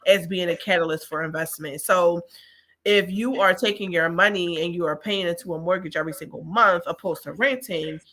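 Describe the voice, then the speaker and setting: Chatty woman co-host, animated storyteller with a bright, forward voice. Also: lowish voice, brisk. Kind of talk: casual money talk.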